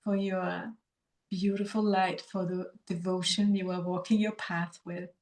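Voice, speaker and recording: A woman's voice: lowish voice, level tone, a little slow. An effusive woman podcast host. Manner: effusive, affirming, gentle. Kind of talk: interview hosting.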